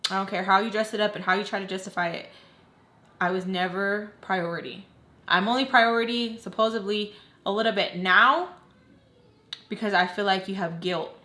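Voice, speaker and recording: A young woman vlogger tells a personal storytime with candid, unpolished emotion. She pads her sentences with "like" and talks at a middle pitch. The room gives her voice a noticeable echo. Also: steady tone, moderate pace, pushed and bright. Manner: candid, heavy use of "like". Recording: roomy echo.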